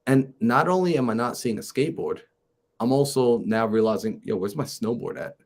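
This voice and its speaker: A man, a mindset coach and podcast guest, telling a personal story in a lively way and acting out the conversations in it. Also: medium pitch, moderate pace. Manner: lively, acts out conversations in his stories.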